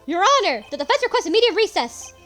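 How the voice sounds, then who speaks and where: Earnest young male attorney for a game read by a woman; forceful, animated delivery. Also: on the high side, quick pace, faint music behind. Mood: urgent. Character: young male defense lawyer, earnest and urgent.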